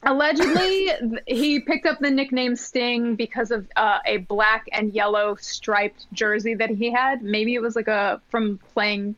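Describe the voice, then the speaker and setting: A woman's voice: a little high, steady tone, unhurried, hardly any pauses, a bit bright, no echo, muffled recording. A woman guest on a podcast, upbeat and giggly in casual chat.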